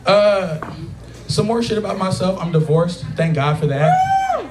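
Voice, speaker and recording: A man in his late twenties doing a profane, animated stand-up set, acting out quotes, on a taproom stage. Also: high-pitched, measured pace, very noisy. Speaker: stand-up comedian. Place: taproom stage with a live audience. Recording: echoey bar room with loud crowd laughter.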